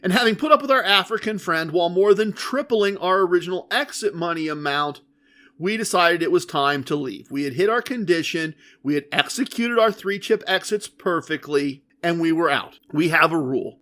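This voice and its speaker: A man hosting a podcast, telling a story in a casual, animated and emphatic way. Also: a little high. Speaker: podcast host.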